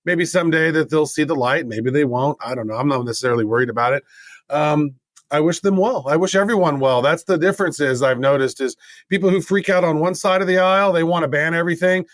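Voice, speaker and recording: A man's voice: a little high, fast, no room sound. A man co-hosting a podcast, chatting in an easygoing, rambling way. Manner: rambling, easygoing, with playful mock voices. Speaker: podcast co-host. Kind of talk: casual podcast banter.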